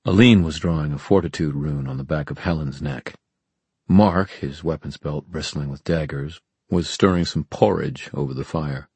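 A man reading an audiobook in calm, measured narration. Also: extremely low pitch, slightly rough, dry recording. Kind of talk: scripted narration.

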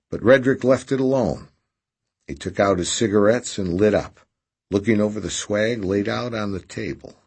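A man narrating a novel as an audiobook, steady and unhurried. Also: fairly low pitch, creaky, slightly rough.

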